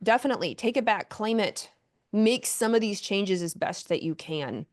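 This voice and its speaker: A woman who is a doctor, a guest on a podcast, explaining her topic in an animated way and now and then acting out what people say to themselves. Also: medium pitch, normal speed. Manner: animated, explanatory, acts out inner voices. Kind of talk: casual interview conversation.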